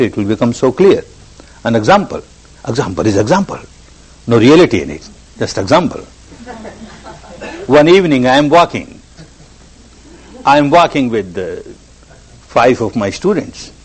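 A man's voice: medium pitch, darkish tone, rough recording. A man giving a meditation talk, repeating phrases for emphasis as he tells an example story. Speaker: meditation teacher. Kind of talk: spiritual discourse.

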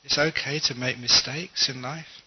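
A man who is a monk, giving a dharma talk with gently humorous, self-mocking storytelling. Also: medium pitch, steady tone, moderate pace, breathy edge. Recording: dull lo-fi recording.

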